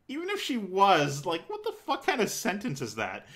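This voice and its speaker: Young male let's-player, casual commentary, jokes and swears, bright voice. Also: high voice, wildly swooping pitch, moderate pace, few pauses. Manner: joking, swears, laughs at the script. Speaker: let's-play streamer. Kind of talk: casual commentary while reading a visual novel.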